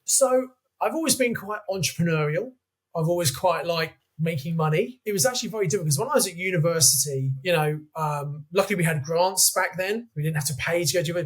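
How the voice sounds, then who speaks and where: A man in his fifties, a podcast guest telling animated anecdotes in a chatty way. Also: on the high side. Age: 50s. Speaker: guest, property investor. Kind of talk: podcast interview storytelling.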